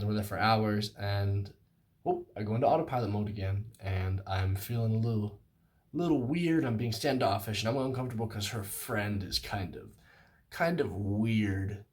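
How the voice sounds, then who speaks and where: A man's voice: on the low side, expressive, moderate pace. A young man in his late teens or twenties telling a story, casual and self-mocking, with many fillers and some playful exaggeration. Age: young adult. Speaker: vlogger.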